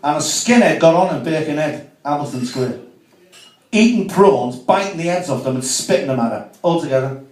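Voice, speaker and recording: A man's voice: a little high, expressive, moderate pace, a little mellow. A man doing a cheeky, chatty stand-up set at a comedy club, with asides to the crowd. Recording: echoey room, mic from far off.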